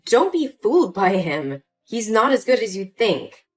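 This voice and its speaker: A woman's voice: medium pitch, sing-song, unhurried. A woman voicing an upset young adult daughter in a dramatized story, pleading and indignant. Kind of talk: scripted story voice acting.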